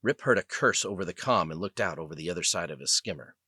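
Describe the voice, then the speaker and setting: Guy reading an audiobook, really lively up and down, dry close studio sound. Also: deep voice, fast, husky, dry recording. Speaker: audiobook narrator. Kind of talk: scripted narration.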